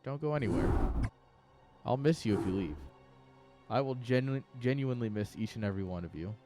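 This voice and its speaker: A young man commenting live on an esports match in an excitable, joking way, talking straight to his chat. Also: mid-range voice, a little fast, music in the background. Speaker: game caster.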